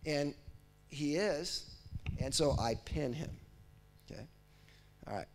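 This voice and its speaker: At a conference, a man with a fairly high voice speaks slowly and with energy, playing the part of a computer process in the first person. He keeps checking on the audience with "right?" and "okay?", and there's slight background noise.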